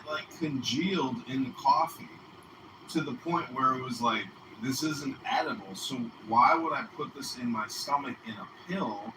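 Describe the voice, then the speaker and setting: Male podcast host, profane rambling chatter, noisy room behind. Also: medium pitch. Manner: rambling, swears freely, acts out quotes. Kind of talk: casual profane podcast chat. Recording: roomy, distant mic with background noise.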